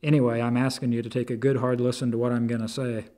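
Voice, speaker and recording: A man's voice: medium pitch, little pitch movement, fast talker, warm tone, natural voice. A man voicing a stern, zealous young man who speaks bluntly and insistently in a storybook reading.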